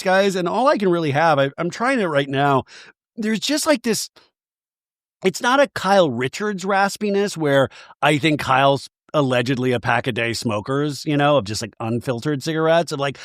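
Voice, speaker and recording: A man hosting a podcast, recapping a reality TV episode in a jokey, animated way and acting out the quotes. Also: on the high side, moderate pace, no echo, studio quality. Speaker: podcast host.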